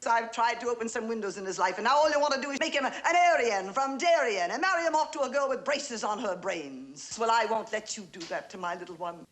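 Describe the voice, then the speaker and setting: An actress in 1950s film acting, playing a flamboyant, worldly middle-aged aunt with a grand, sweeping theatrical delivery. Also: female voice, fairly high pitch, animated, fast talker, few pauses, a bit bright.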